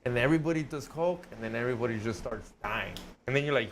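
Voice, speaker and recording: A man's voice: medium pitch, quick pace, slight background noise. A man co-hosting a casual podcast, profane, spinning long joking hypotheticals. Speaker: podcast co-host. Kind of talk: casual chat.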